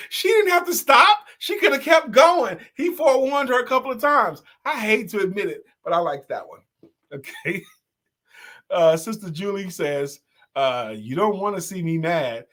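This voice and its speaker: A man hosting a relaxed online talk show, reading out viewer comments and reacting to them. He tells stories with energy, breaks into snatches of song and laughs easily, and his voice sits somewhat high for a man. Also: normal speed. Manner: animated storyteller, sings snatches of songs and laughs often. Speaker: host. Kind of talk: casual live-stream chat reading comments.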